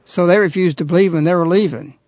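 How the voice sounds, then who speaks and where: A man hosting a radio talk show, earnestly retelling a story in a halting, conversational way. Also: sits high, dry recording. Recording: dull, lo-fi radio recording.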